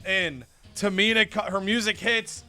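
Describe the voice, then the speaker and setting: Young man, game recap host, lively storyteller, slightly high voice, soft music behind. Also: unhurried. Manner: storytelling, acts out characters, swears casually. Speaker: let's play host.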